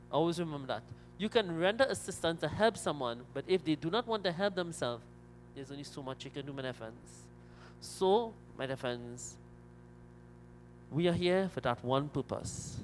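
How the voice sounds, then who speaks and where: Man officiating at a funeral, storytelling preacher; slightly high-pitched. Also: slight background noise, low-quality recording. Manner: storytelling, repeated "my dear friends". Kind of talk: sermon.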